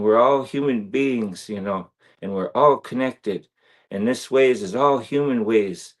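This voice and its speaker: A man talking earnestly and reflectively as a guest on a video-call interview, with many fillers. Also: on the low side. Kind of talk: casual interview talk.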